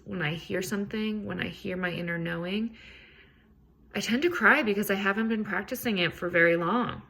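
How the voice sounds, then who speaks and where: Woman doing a solo self-care podcast, kinda gravelly, earnest and rambly. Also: lowish voice, fairly bright tone. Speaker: podcast host. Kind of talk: casual solo self-help talk.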